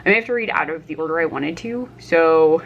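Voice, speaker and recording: A woman's voice: sits low, lively intonation, a little fast, vocal fry, highs cut off, a little hiss or hum. A young woman chatting casually about her reading at home while cooking lunch, with many fillers and frequent laughs. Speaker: book vlogger. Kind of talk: casual reading vlog chat.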